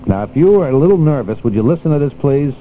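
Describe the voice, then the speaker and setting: A man's voice: mid-range voice, animated, fast talker, phone-quality sound, a little hiss or hum. An older man hosting a radio show in a casual, chatty way, laughing often and reading items aloud to the listeners. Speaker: radio host.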